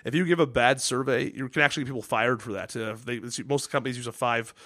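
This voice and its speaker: A man co-hosts a casual podcast and rants quickly with plenty of swearing. He talks at a rapid clip, and his voice sits close and dry on the mic. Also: medium pitch, fairly bright tone, dry recording. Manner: fast, profane, ranting. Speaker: podcast co-host.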